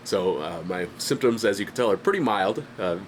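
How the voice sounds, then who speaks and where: Low-voiced man rambling through a stuffy cold. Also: animated, normal speed, slight background noise. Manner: rambling, self-deprecating, frequent fillers and restarts. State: stuffy head with a light cough. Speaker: independent artist and channel host. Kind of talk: casual vlog update. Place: home studio.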